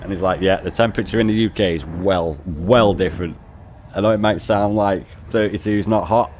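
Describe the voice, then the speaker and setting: A middle-aged man from the UK with a British English accent chats on a game stream in a deep, a little mellow voice, talking briskly. He swears and laughs a lot during the casual live-stream chat, and a little hiss or hum sits under the audio.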